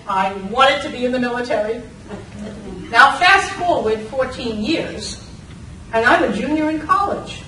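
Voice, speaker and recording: An older woman from Massachusetts performing a personal story live, animated and slipping into voices and bits of song. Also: sits high, unhurried. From Lawrence, Massachusetts. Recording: roomy, distant from the mic, faint room noise.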